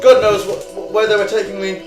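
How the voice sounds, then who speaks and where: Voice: medium pitch, flat delivery, quick pace, voice pushed up, close to an everyday voice. Brief: a game master playing a scared merchant in his thirties, raised and pleading, roomy room, music underneath. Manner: pleading, panicky. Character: frightened human male merchant, mid-thirties. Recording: roomy recording with music behind.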